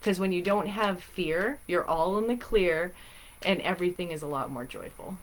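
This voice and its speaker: A woman's voice: on the low side, normal speed. A woman chatting in a bubbly, rambling way as she hosts a live stream of spiritual guidance. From Massachusetts. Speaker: spiritual reader and stream host.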